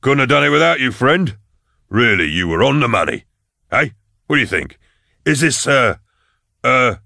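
A man voicing a big, boisterous and jovial male officer who talks in a loud, hearty, backslapping way. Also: mid-range voice, very animated, normal speed, vocal fry, no echo, clean studio sound, voice pushed up, heavily acted.

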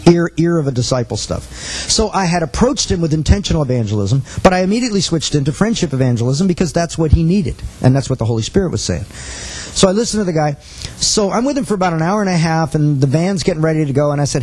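Husky man telling a story in a teaching talk. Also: fairly high pitch, expressive, fast talker, darkish tone, low-quality recording. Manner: earnest, storytelling, quotes others in dialogue. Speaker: missions teacher.

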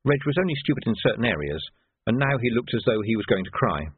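A man reading a novel aloud in measured, wry scripted narration. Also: medium pitch, big pitch swings, breathy edge, dry recording. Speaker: audiobook narrator. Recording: thin phone-like dry sound.

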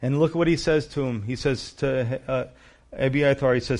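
A man preaching a sermon, reading scripture aloud and breaking off into animated asides to his listeners. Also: mid-range voice, normal speed. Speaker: pastor.

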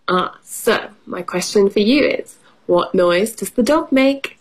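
A woman's voice: lowish voice, animated, takes it slowly, creaky, breathy edge, poor audio. A woman reading a farm picture book to children as an English lesson, asking questions and making playful animal sounds. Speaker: storybook reader and English teacher.

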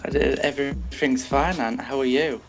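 Podcast guest: young Englishman, mid-pitched, loose and crude, laughs a lot mid-story. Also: fairly even intonation, moderate pace, over music. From England. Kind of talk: casual chat.

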